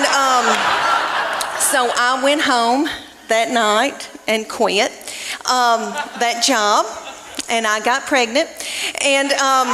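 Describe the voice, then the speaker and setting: Folksy Southern woman doing stand-up. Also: on the high side. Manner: folksy, drawn-out storytelling. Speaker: stand-up comedian. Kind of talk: stand-up comedy set. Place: live comedy venue stage. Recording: live reverberant hall with noise.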